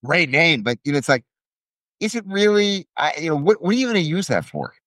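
A man's voice: a little high, big pitch swings, a little fast, a bit bright, no room sound, studio quality. Opinionated man in casual chat. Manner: opinionated, stumbling restarts. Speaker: podcast co-host.

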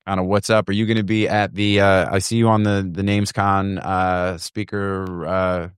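A man with a very deep, smooth and resonant voice hosts a casual talk show. He rambles loosely from point to point. The sound is dry and close. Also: level tone, normal speed, no echo. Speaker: podcast host. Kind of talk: casual chat.

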